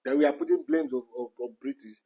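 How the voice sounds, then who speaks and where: A man's voice: medium pitch, fast, warm tone, husky, rough recording. A Nigerian man giving an impassioned rant, full of repeated phrases and rhetorical questions. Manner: repetitive, rhetorical questions, emphatic.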